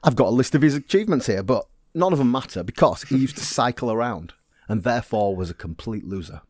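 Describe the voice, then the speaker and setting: Male co-host, middle pitch, dry close mic, wry and well-researched. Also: animated, fast, darkish tone, dry recording. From Britain. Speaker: podcast co-host. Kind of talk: casual chat.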